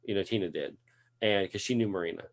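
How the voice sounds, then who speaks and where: A man hosting a casual catch-up chat, telling a story in a lively way with frequent laughs and restarts. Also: sits low, quick pace. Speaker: podcast host.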